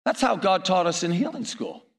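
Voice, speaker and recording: A man's voice: high-pitched, sing-song, normal speed, creaky. A middle-aged man preaching a sermon, telling stories with chuckles and asides to the audience.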